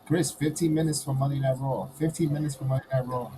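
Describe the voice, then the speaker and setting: A man with a New York accent hosting a casual baseball watch-along, calling pitches in a relaxed way and chuckling between them. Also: fast talker, background noise. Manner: laid-back, chuckling between pitch calls. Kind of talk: casual play-by-play commentary.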